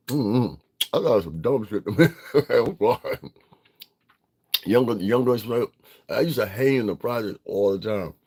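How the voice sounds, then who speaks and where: A man's voice: mid-range voice, sing-song, slow pace, long pauses, a little mellow, breathy edge. A middle-aged man from Connecticut, ranting bluntly and profanely in a casual livestream, laughing often. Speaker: vlogger.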